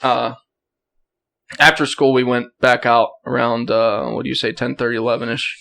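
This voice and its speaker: A young man, a podcast guest, telling a hunting story in a casual, animated way, often laughing and clearing his throat. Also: medium pitch, moderate pace.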